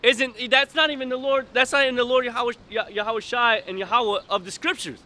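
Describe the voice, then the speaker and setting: High, bright-voiced male street preacher. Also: steady tone, a little fast. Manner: rough street vernacular, emphatic and blunt.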